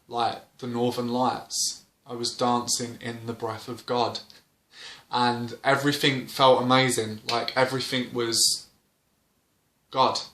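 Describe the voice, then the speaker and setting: A man's voice: medium pitch, pushed and bright. A young man telling a story to camera, rambling with lots of fillers and restarts. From Britain. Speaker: vlogger. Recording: roomy indoor echo.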